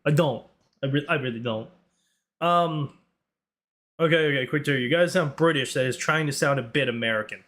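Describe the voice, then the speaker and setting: A man's voice: medium pitch, moderate pace, long pauses, fairly bright tone. A young man with a Northern Irish accent, chatting on a live stream, rambling off on tangents and laughing often. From Northern Ireland. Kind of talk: casual live-stream chat.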